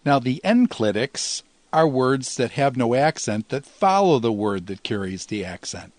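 A man with a mid-range, darkish voice gives a Greek grammar lesson, explaining things in a measured way and slowing down to sound out each Greek word. He is very animated, and the recording is dry.

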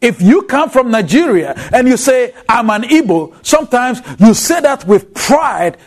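Emphatic lively Ghanaian man lecturing. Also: extremely high pitch. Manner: emphatic, drawn-out stresses on key words. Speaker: Bible lecturer. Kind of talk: recorded lecture.

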